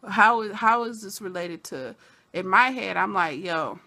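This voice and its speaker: A woman giving a chatty, casual recap of a TV episode, full of "you know" asides and sudden bursts of excitement. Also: medium pitch, a little slow, vocal fry. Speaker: TV episode reviewer.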